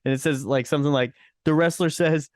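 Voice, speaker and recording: A man with a fairly high, smooth and resonant voice, chuckling through casual podcast banter. He swears freely and often restarts his sentences. The sound is dry and close. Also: steady tone, brisk, a little mellow, no echo. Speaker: podcast co-host. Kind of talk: casual comedic chat.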